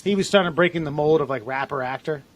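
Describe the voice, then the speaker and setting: A man's voice: a little high, fast talker. A man co-hosting a podcast, casually reading out listener comments with loose, jokey asides and frequent laughs. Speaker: podcast co-host.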